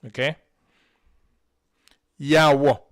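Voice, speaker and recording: Flat in delivery but fairly bright and fairly high in pitch, this man draws out his words as he teaches. He's a language teacher on a live stream, drilling vocabulary by syllable and having a learner repeat.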